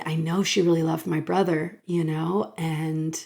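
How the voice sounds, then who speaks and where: A middle-aged woman hosting a podcast, telling a personal story in a soft, emotional way and sometimes dropping into a whisper. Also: sits low, little pitch movement, gravelly. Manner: soft and slow, drops to a whisper in places; emotional, laughs and sighs while sharing. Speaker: podcast host.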